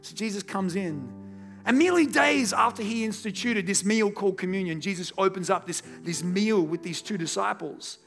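A man's voice: high voice, moderate pace, creaky, fairly bright tone, faint music behind. A man preaching a sermon as pastor, speaking earnestly and directly to his congregation in a church service. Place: church service in a large room.

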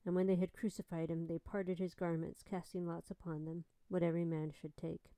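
Gravelly low-voiced woman reading scripture. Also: level tone, a little fast, warm tone, no room sound, rough recording. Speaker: scripture reader.

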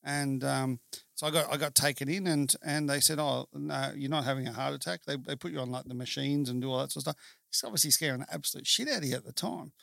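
A man's voice: mid-range voice, fast talker, vocal fry, sharp tone, no room sound, clean studio sound. A man in a casual chat telling a story with humour, acting out what people said. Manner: jokey storyteller, acts out quotes.

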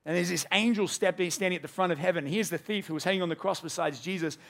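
A pastor preaches to his congregation in an earnest, storytelling way. His voice sits a little on the high side and he slips into the voices of the people in his story. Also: quick pace, vocal fry, a bit bright. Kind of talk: sermon. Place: church service with a congregation.

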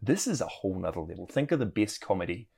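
A man's voice: deep voice, lively intonation, quick pace, creaky, warm tone, husky. A man gushing enthusiastically about a film in a comedic review chat.

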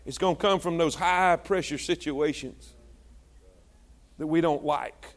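A male pastor preaching a sermon. He calls to the congregation for responses and swings between shouted exhortation and low, hushed asides. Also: measured pace.

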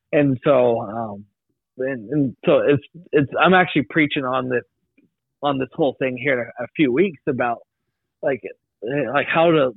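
A young man tells a church story on a podcast, circling back with likes and restarts. His voice sits mid-pitch. The sound is dry and squeezed thin, like a phone line. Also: normal speed, creaky, husky, no room sound. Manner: rambling, many restarts and likes. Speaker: podcast guest. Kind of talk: casual testimony.

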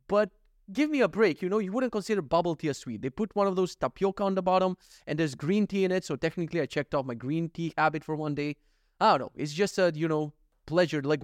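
A man's voice: a little high, dry recording, clean studio sound. A young man ranting casually in a daily vlog, swearing often and getting worked up with exasperation. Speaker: vlogger.

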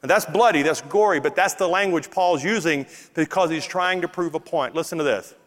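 A man with a Louisiana accent preaching a sermon as pastor, animated and emphatic, stretching out key words. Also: fairly high pitch, a little fast. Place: church auditorium with congregation. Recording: long hall reverb in a church.

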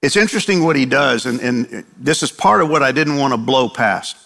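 A man's voice: mid-range voice, lively intonation, a little fast, pushed and bright, long reverb tail. An older man preaching a sermon in a conversational way, acting out quotes from the text. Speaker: pastor.

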